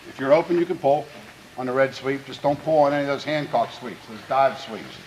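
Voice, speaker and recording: A man who is a high school football head coach, giving an earnest, plainspoken pregame speech to his players and often restarting his phrases. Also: brisk, a little hiss or hum, low-quality recording. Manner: grows louder and more fervent when speaking of country.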